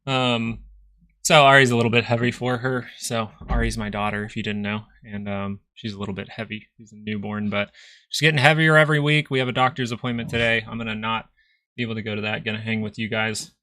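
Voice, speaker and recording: A man's voice: on the low side, flat delivery, fast talker, bright, forceful tone, dry recording, studio quality. A young man hosting a stock market livestream, chatting casually and loosely while out of breath. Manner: loose, rambling, slangy.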